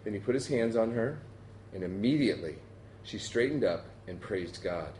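A man reading a Bible passage aloud in an expressive way. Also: on the low side, moderate pace, reverberant, slight background noise. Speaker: Bible reader. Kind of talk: scripture reading.

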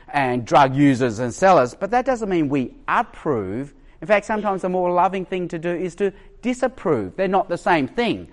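Aussie guy preaching, high voice, super lively, does little voices for quotes. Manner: animated, acts out quoted voices. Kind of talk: sermon.

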